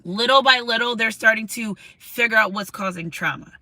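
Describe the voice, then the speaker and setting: A woman's voice: a little high, normal speed, sharp tone, no room sound, rough recording. A woman giving a tarot card reading to camera, talking in an emotional, repetitive, casual way with some swearing. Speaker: tarot reader.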